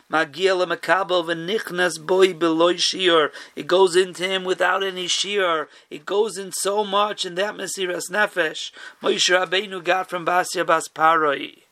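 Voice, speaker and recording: High, bright-voiced rabbi preaching. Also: male voice. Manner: storytelling with Yiddish-inflected Hebrew terms, emphatic. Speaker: rabbi giving a Torah talk. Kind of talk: sermon.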